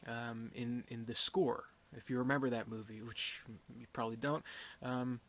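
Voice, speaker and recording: A man's voice: mid-range voice, little pitch movement, moderate pace. A young man giving a casual, unscripted film review, rambling and hesitant, with many fillers and restarts.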